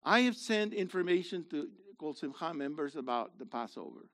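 Animated high-voiced male preacher. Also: moderate pace. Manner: animated and conversational, swinging from loud to quiet. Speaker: pastor. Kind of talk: sermon.

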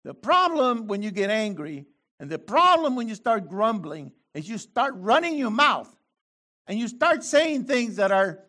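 Animated man preaching, high lively voice. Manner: animated, reads scripture slowly then bursts into loud exclamations. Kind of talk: sermon.

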